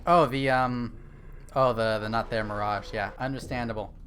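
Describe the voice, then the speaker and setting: A man's voice: medium pitch, steady tone, normal speed, fairly bright tone, a little hiss or hum. Rambling, chatty young man streaming a game. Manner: rambling and chatty, many fillers and restarts. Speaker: streamer playing a horror game. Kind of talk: casual gaming stream chat.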